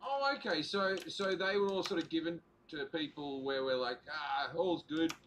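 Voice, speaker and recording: High-voiced joking man. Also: expressive, moderate pace, a bit bright, slight background noise. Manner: joking, riffing, stammering restarts. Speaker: podcast co-host. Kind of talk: casual comic chat.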